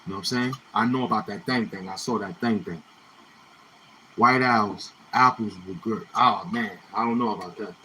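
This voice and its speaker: A man rambles through laid-back stories in thick street slang. He keeps circling back to the same phrases as he reminisces. His voice is bright and forward at a middle pitch, with a faint hum behind it. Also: moderate pace, low-quality recording. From Brownsville, Brooklyn, New York. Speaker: YouTuber. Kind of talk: casual storytelling monologue.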